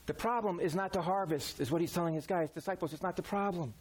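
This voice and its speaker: A man's voice: on the high side, expressive, moderate pace, few pauses, slight background noise. A man preaching a sermon in a folksy, conversational way, using everyday examples. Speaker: pastor.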